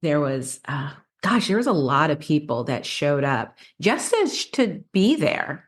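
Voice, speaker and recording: A woman's voice: sits low, very animated, unhurried. A woman co-hosting a casual podcast, telling stories in a chatty way with many restarts and laughs. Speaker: podcast co-host.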